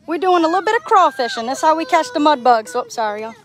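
Young Southern woman, high voice, chatty outdoor vlog host, phone mic, faint boat noise. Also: animated, quick pace. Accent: Southern US, Louisiana. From Louisiana. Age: young adult. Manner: chatty, greets viewers, talks while working. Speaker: vlogger, crawfisher. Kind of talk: live-streamed outdoor vlog. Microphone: phone held while working.

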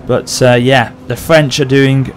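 A man hosting a gaming channel, excitedly commentating a battle over gameplay and often addressing his audience. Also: mid-range voice, slow pace, a little hiss or hum.

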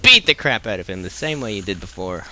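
A man's voice: fairly low pitch, sing-song, brisk, sharp tone. A man casually commenting as he plays a video game, goofy and playful, with sing-song repetitions. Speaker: let's play commentator. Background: game music.

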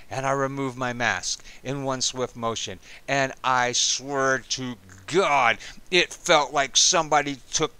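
A man in his fifties, an Army veteran, telling a personal story in a casual, animated and profane way. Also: a little high, smooth, no room sound. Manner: animated, profane, dramatic retelling.

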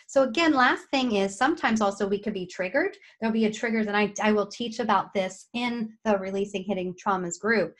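A middle-aged woman, an occupational therapist, giving an animated, chatty coaching talk to camera and acting out her clients' inner voices. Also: medium pitch.

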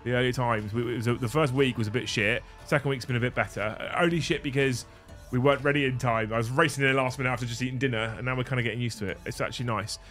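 A man in his thirties hosting a livestream, animated and joking, swearing casually, on a studio mic. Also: mid-range voice, very fast, soft background music. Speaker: livestream host.

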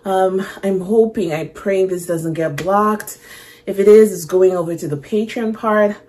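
A woman's voice: medium pitch, unhurried, a little mellow, a little hiss or hum. A woman hosting a music reaction video, chatting playfully, reading lyrics aloud and laughing. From Canada. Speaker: music reaction channel host. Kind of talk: casual music reaction chat.

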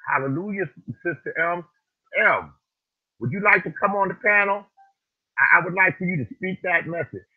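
Husky preachy man on a tinny line. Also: fairly high pitch. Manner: profane, preachy, repeats phrases for emphasis. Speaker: livestream host. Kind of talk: preacher-style ranting livestream talk.

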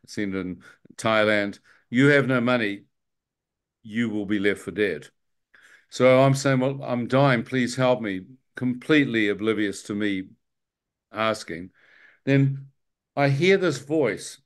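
A man with a New Zealand accent recounts a near-death story as a spoken testimony. He tells it like an animated storyteller, putting on voices for the people in it and laughing as he goes. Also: mid-range voice, slow pace, pauses often, clean tone. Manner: animated storyteller, acts out dialogue, laughs often. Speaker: guest telling his testimony.

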